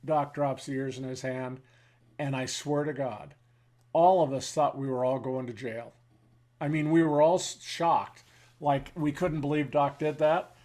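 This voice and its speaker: A man in his seventies, a veteran interviewee telling war stories in a halting way, with pauses and fillers, then blunt and wry. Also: medium pitch, steady tone, a little mellow. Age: 70s. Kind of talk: reflective war storytelling.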